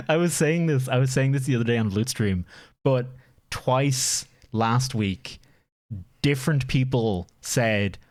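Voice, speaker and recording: Speaking slowly with long pauses, this young Irish man has a medium-pitched, slightly mellow voice. He reviews community submissions in a relaxed stream chat, wandering off topic, laughing frequently and running himself down. The audio is studio quality with no echo.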